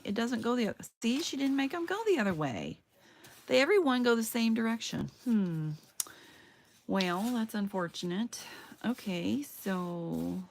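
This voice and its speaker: A woman's voice: medium pitch, vocal fry, darkish tone, a little hiss or hum. A chatty woman crafting on a stream. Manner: chatty, talks to herself while working. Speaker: crafting livestreamer. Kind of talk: casual crafting chat to viewers. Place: her home loft.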